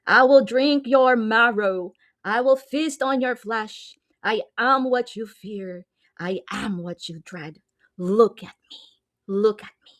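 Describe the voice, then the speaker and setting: A woman voicing a creepy, hungry monster, drawing out slow, menacing threats. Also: on the high side, fairly bright tone, no echo, clean studio sound.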